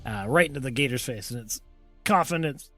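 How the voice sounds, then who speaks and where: A man at a middle pitch narrates a tabletop game as its game master, easygoing and full of pauses and fillers. Faint music plays underneath him. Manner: relaxed, hesitant narration with many fillers.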